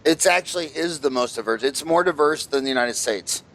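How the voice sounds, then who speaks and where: A man's voice: fairly high pitch, a little fast, a bit bright. A man hosting an interview podcast, chatting casually and telling rambling jokey stories full of fillers. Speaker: podcast host.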